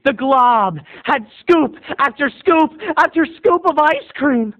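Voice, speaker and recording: A man's voice: very high-pitched, expressive, takes it slowly, dull audio. A man telling a comic childhood story as a video blogger, with theatrical, exaggerated delivery.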